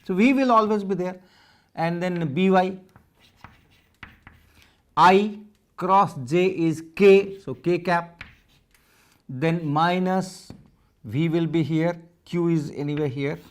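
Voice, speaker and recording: Slow, methodical male physics lecturer. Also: high voice. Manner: repeats phrases while writing, methodical. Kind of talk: lecture worked through step by step on a board.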